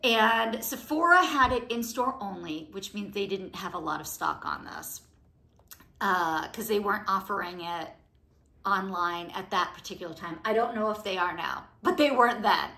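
A woman beauty vlogger chatting casually about products she loves, gushing and excitable with a rambling flow. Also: mid-range voice, moderate pace, vocal fry. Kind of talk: casual product review chat.

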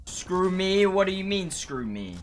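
A man in his twenties hosting a gaming video, playfully toxic as he mocks strangers in game voice chat, with loud mocking outbursts. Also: high-pitched, sing-song, measured pace. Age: 20s.

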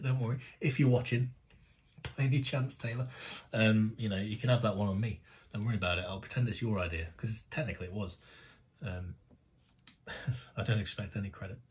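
A man with a fairly low voice reacts to music videos in loose, casual commentary. He gets excitable, swears freely and keeps talking straight to the screen.

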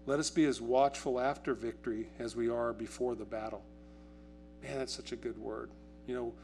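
A male pastor with a medium-pitched voice preaches in a church, speaking conversationally and posing questions to the congregation. When he acts out quotes, his voice rises and turns excited.

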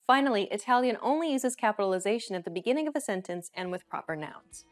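A woman's voice: mid-range voice, lively intonation, faint music behind. Woman hosting a scripted language lesson. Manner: clear, measured explaining tone.

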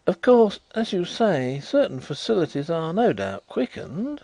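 A man's voice: on the high side, sing-song, normal speed, a little mellow, no echo, pitched above the performer's own voice. A man voicing an earnest, slightly flustered middle-aged ex-solicitor turned detective in an audiobook reading.

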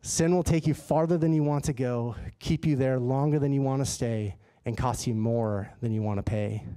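A man preaching a sermon in a church, telling a personal story in a lively, conversational way. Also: medium pitch, moderate pace, clear, resonant tone. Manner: animated and conversational, acts out his own dialogue. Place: church sanctuary.

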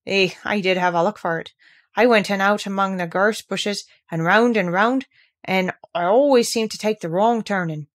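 A woman's voice: mid-range voice, normal speed, natural voice. A woman reading aloud and voicing a friendly country boy from the moors who talks in an easy, homely way. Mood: easygoing.

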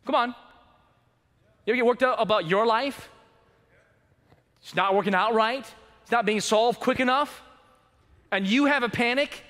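Male pastor, high bright tenor, preaching in a reverberant church hall, dramatic swings from urgent to hushed. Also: normal speed, long pauses. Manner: dynamic preaching, swinging from loud urgency to hushed low emphasis. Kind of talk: sermon. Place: church sanctuary.

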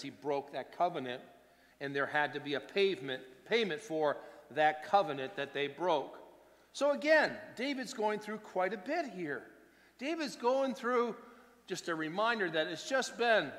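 A pastor delivering a sermon, his delivery swinging between hushed and loud. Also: sits high, long reverb tail. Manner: preaching with wide swings between soft and loud.

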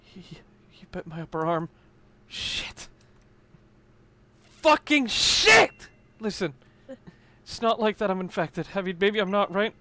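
A man's voice: sits high, brisk. A man co-hosting a game playthrough, reading the dialogue aloud with drama and frequent swearing. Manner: dramatic, swears a lot when reading lines. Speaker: let's play co-host.

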